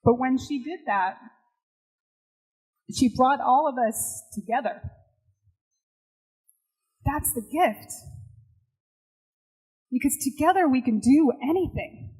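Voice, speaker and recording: A woman's voice: high voice, takes it slowly, pauses often, darkish tone, breathy edge, poor audio. Heartfelt woman giving a motivational speech. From Puerto Rico. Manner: heartfelt and personal, building to rallying calls. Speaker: chef and TV host giving a speech.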